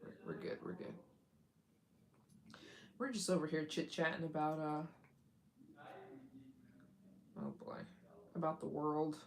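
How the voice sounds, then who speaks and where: Slow and sing-song, her low, darkish voice carries vocal fry and long pauses. She's a travel vlogger hosting a casual live stream, chatting straight to viewers, giggling a lot, and voicing other people's lines in put-on tones.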